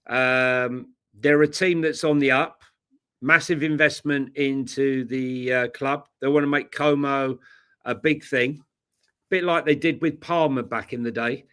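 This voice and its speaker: A man's voice: mid-range voice, fairly even intonation, unhurried, bright, forceful tone, clear, resonant tone. A tired man co-hosting a casual football chat, blunt and jokey. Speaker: co-host.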